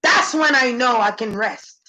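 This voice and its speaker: A woman's voice: measured pace, pushed and bright, poor audio. A woman speaking as a channeler in an intense, preachy spirit-channeling monologue. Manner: intense, preachy, shifting pitch.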